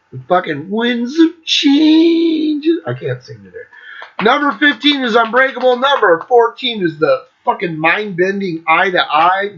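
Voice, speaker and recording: Excitable, high-voiced profane man. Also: highs cut off. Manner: profane, excitable, breaks into singing. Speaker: host. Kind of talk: casual monologue ranking albums.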